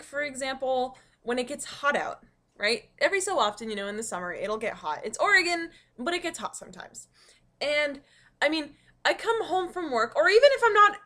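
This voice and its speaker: A woman's voice: high voice, a bit bright. A young woman vlogging from her dining room at home, telling rambling stories full of ums and likes. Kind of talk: casual storytelling vlog.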